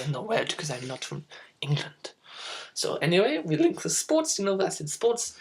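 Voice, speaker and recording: A woman's voice: deep voice, big pitch swings, normal speed, soft background music. A young woman in her teens hosting a spoof news show, goofy and rambling, breaking into giggles. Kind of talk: mock news presenting.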